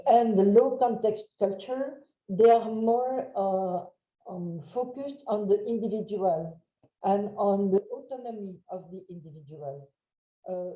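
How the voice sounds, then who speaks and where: A woman with a French accent giving a webinar lecture, halting with many fillers and checking in with "huh?". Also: mid-range voice. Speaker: webinar trainer. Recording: roomy, dull lo-fi sound.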